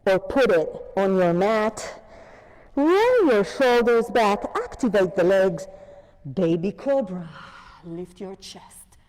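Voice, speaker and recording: A woman with a non-native English accent leads a yoga class in a slow, mellow voice. She talks gently through each pose and keeps reminding students to breathe. Her mic picks up the long echo of the studio hall. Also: medium pitch. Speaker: yoga instructor. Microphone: wearing a mic.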